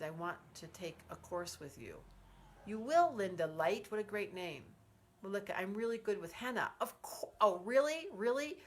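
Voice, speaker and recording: A chatty woman astrologer hosts a live stream, speaking into a phone held at arm's length. She reads viewers' comments aloud and answers each by name, gushing with enthusiasm in a loose, conversational way. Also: fairly low pitch. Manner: effusive, chatty, warmly reacting to viewers by name. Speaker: astrologer host.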